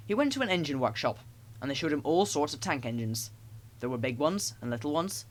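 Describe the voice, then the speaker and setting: A man narrating children's stories as an audiobook, in an expressive storytelling way. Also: on the high side, a little fast.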